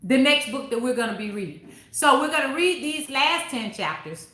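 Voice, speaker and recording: A woman's voice: high-pitched, animated, moderate pace, pushed and bright, roomy sound. A woman hosting a book club review in casual chat, talking bluntly and with plenty of profanity, and breaking off to answer viewers mid-sentence.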